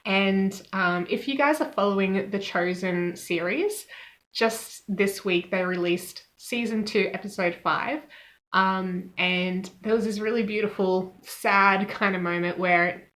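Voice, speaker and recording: Woman, devotional Bible talk, casual, chatty, relaxed, medium pitch. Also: measured pace. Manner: chatty and relaxed, with frequent fillers and laughs. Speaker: Bible teacher.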